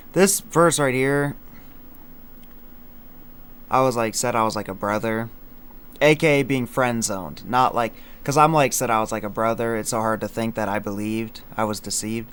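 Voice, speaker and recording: A man's voice: fairly low pitch, a bit bright, a little hiss or hum. A young man in casual livestream chat, rambling with many fillers and slang as he breaks down his own song lines. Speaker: streamer explaining his song.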